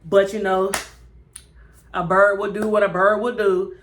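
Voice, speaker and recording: A woman giving a chatty, animated recap of a TV episode and acting out the characters' lines. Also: medium pitch, a little slow. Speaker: TV show reviewer.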